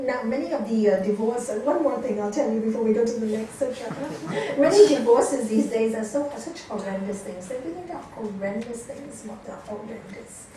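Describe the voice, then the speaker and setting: A woman's voice: a little high, normal speed, few pauses. A woman yoga teacher giving a training lecture, telling stories and asking her class questions. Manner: lively storytelling, asks the class questions. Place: yoga course room with students. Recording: echoey room, voice from a distance, faint noise.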